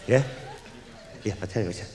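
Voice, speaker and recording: A man's voice: normal speed, very noisy. A man doing a bawdy live stand-up routine, bantering cheekily with the audience from a club stage. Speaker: stand-up comedian. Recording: echoey club recording with crowd. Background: audience laughter.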